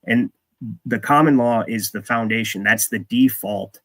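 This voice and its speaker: A man's voice: medium pitch, a little slow, a bit bright. A man hosting casual commentary, reading aloud with rambling, profane asides. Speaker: host.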